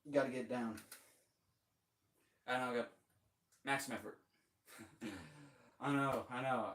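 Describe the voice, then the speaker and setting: A man's voice: mid-range voice, steady tone, unhurried, fairly bright tone. A young man chatting casually while practicing drums, rambling and cheering himself on with casual swearing. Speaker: drummer streaming practice. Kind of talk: casual practice-session chat. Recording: roomy, distant mic, faint noise.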